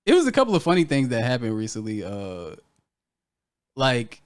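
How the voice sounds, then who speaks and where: A man's voice: medium pitch, wildly swooping pitch, normal speed. A young man co-hosting a podcast, telling a story in casual chat, laughing often and swearing freely. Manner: laughs often, loose and profane. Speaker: podcast co-host.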